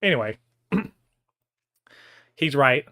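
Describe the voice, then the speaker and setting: A man on a podcast, ranting hard and swearing freely. His pitch leaps all over the place and his voice is sharp and bright. The sound is dry and close. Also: lively intonation, slow, no room sound. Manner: heated, profane ranting. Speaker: podcast co-host. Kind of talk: casual podcast chat.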